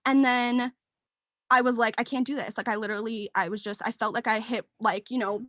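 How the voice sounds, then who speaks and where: Young woman near tears, high voice, rambling heartfelt story, dry close sound. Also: fairly even intonation, brisk, bright, forceful tone, no echo. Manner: rambling and heartfelt, many fillers. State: tearful, near crying. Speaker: team member sharing her story. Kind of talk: emotional personal testimony. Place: work meeting, dry room.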